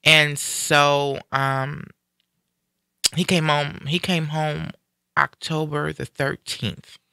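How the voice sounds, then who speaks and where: Bright, forceful man retelling a story. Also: a little high, very slow, vocal fry, clear, resonant tone, no room sound, studio quality. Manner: animated retelling, acting out quoted speech. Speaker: guest sharing a personal story. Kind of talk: casual live-stream conversation.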